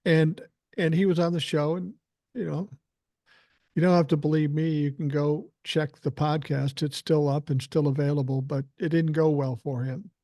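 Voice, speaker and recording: A man's voice: fairly high pitch, flat delivery, moderate pace, mellow, no echo, studio quality. An older man hosting a podcast, telling a story in a blunt, profane, combative way. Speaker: podcast host. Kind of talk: casual storytelling chat.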